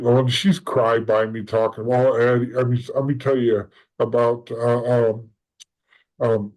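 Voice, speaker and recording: A man of middle pitch recounting his own past as a podcast guest. He rambles and restarts often and slips into the voices of the people he quotes. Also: a little mellow, low-quality recording. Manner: rambling, acts out quoted dialogue, frequent restarts. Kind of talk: casual storytelling in conversation.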